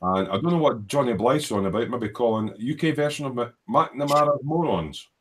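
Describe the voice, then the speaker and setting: A man with a mid-range, animated voice at normal speed hosts a casual livestream from his hobby workshop. He reads viewers' comments aloud, joking, rambling and laughing easily.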